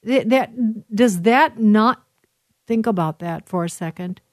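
A talk show host rambles through commentary on news clips, often pausing and restarting. She is a woman with a mid-range voice, and the recording is dry with no room sound. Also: mid-range voice, animated, darkish tone, dry recording. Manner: rambling, many fillers and restarts.

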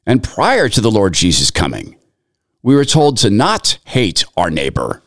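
Earnest low-voiced man preaching lament. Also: wildly swooping pitch, measured pace, a bit bright, no room sound, studio quality. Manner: earnest, reciting scripture in long lists. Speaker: Christian commentator. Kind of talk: sermon-like commentary.

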